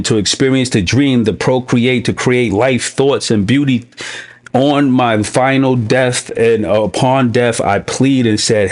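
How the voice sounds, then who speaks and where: A man hosting a recovery podcast, speaking emotionally in a heartfelt, preaching way. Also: mid-range voice. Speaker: podcast host.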